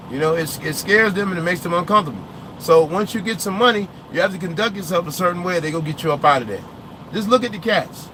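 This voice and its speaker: Young male trucker vlogger, live from his cab: opinionated, rambling, tense-edged delivery, slightly higher-pitched. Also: pushed and bright, a little hiss or hum. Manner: rambling and opinionated, loses his train of thought. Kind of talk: casual livestream chat, answering viewer comments.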